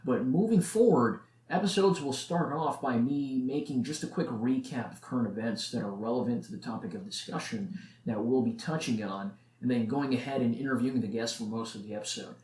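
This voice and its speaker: A man's voice: mid-range voice, a little fast, a little mellow. A nineteen-year-old man hosting a solo podcast, talking in a casual, earnest, motivational way. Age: late teens. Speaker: podcast host. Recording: echoey room.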